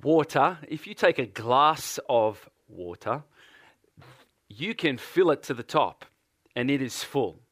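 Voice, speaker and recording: A man with an Australian accent delivers a sermon in a slow, unhurried cadence. He repeats his phrases and presses earnest questions on his listeners. The voice sits close and dry, with little room sound. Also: medium pitch, very animated, fairly bright tone, dry recording. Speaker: preacher.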